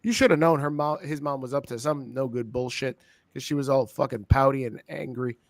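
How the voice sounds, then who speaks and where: A man co-hosting a wrestling review show in casual, profane, excitable chat, laughing often. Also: medium pitch, brisk, no room sound. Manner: excitable, swearing, laughing, with frequent impersonations.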